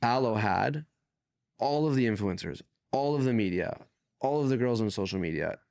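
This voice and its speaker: A man from Canada, a guest on an interview podcast, telling stories in a casual, animated way. He swears freely and acts out the people in his stories. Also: mid-range voice, moderate pace, gravelly, no room sound, studio quality. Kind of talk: casual conversational storytelling.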